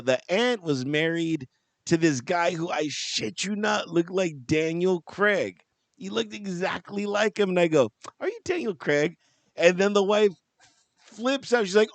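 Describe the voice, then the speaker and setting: A man's voice: sits high, measured pace, no room sound. A man co-hosting a podcast, telling a rambling story in casual chat and laughing often. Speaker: podcast co-host.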